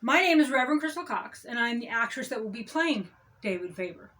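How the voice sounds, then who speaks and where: A woman's voice: fairly high pitch, lively intonation, brisk, a bit bright, far from the mic. A woman introducing her own comedy series in a rambling, mock-commanding way.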